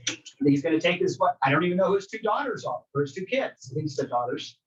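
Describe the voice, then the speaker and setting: Male workshop trainer, higher voice, talks from back in the room on a dull recording, energetic coaching. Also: quick pace, far from the mic. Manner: energetic, conversational coaching that asks the group questions. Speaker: real estate trainer. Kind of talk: workshop teaching to a live group.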